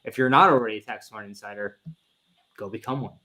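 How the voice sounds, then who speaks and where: Bright-voiced man co-hosting a livestream. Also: lowish voice, fast. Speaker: co-host. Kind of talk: casual livestream chat.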